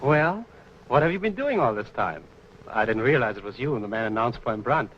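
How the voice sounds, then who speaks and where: A man's voice: medium pitch, sing-song, brisk, slight background noise, lightly acted. A man playing a gloating Nazi propagandist. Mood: mocking. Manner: gloating, silky, holds grudges. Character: smug Nazi propaganda minister, middle-aged man, vengeful. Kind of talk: 1940s film acting. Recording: dull lo-fi 1940s film sound.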